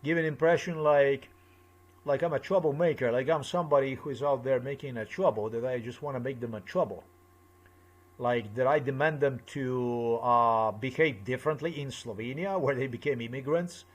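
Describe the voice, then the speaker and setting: A man's voice: medium pitch, normal speed, highs cut off. A man delivering an angry personal monologue, swearing often and repeating himself as he rants. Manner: agitated, profane, repetitive ranting. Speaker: vlogger.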